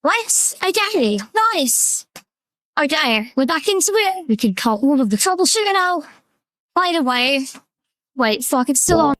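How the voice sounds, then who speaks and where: Super high kawaii anime girl voice , guy on a voice changer, slow, dry sound. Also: very animated, sharp tone, dry recording, full character voice. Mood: playful. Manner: jokey, testing the voice changer.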